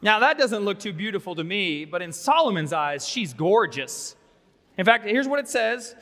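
High, bright-voiced man preaching in a sanctuary. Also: sing-song, normal speed. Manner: conversational preaching with wry asides. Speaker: pastor. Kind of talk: sermon. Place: church sanctuary. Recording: long reverb of a large sanctuary.

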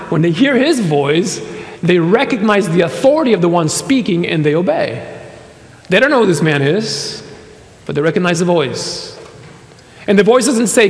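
A man preaching a sermon with dry humor, building to emphatic quoted lines. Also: high voice. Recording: long hall reverb.

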